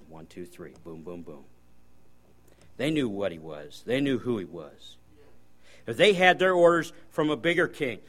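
A man preaching as a guest preacher, folksy storytelling with sudden loud bursts. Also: mid-range voice. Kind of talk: sermon.

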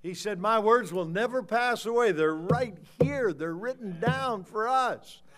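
An older man preaching a fiery sermon, swinging from low muttering to loud shouts. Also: unhurried. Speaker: pastor.

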